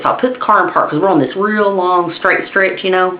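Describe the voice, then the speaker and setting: Woman telling a funny story on her vlog, animated, lowish voice, roomy dull home cam sound. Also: fast, hardly any pauses. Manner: animated, acts out voices, laughs at herself. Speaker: vlogger. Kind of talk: casual comic storytelling.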